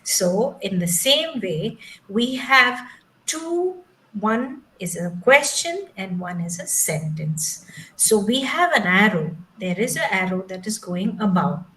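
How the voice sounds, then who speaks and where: A woman's voice: medium pitch, big pitch swings, a bit bright, poor audio. A woman whose first language is not English, teaching English pronunciation step by step in an online training session over a video call. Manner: slow, patient, explains step by step.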